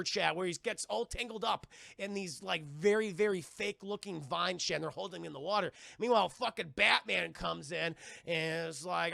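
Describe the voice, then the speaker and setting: A man hosting a casual live-stream film review, talking to his chat and swearing freely as he acts out scenes. His voice is high and bright with a gravelly edge, recorded dry and close. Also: brisk, few pauses, no echo. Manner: animated and profane, with mocking retellings.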